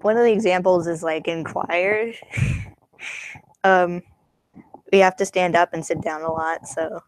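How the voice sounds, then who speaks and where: A woman's voice: fairly low pitch, steady tone, a little slow, pauses often, rough recording. A teenage girl chatting casually on a stream, giggling often and rambling. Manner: giggly, rambling, slips into silly voices. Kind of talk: casual chat.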